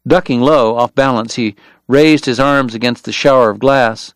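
A man narrating a western novel in a measured, even storytelling manner. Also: medium pitch, clear, resonant tone, dry recording. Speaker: audiobook narrator. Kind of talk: scripted narration.

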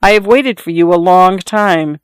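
A reader voicing a small, coy young girl with a quiet, small voice in a storybook reading. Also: mid-range voice, moderate pace, clear, resonant tone, no room sound, lightly acted. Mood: coy, calm.

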